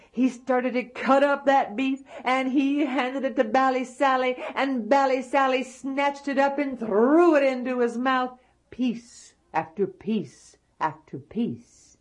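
A woman telling a folktale aloud, animated, with hushed, drawn-out endings. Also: high voice. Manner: animated, dropping to hushed asides. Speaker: storyteller. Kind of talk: folktale storytelling.

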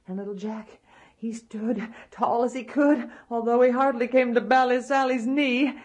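A woman telling a folktale aloud, animated, with hushed, drawn-out endings. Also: on the high side. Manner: animated, dropping to hushed asides. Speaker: storyteller. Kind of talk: folktale storytelling.

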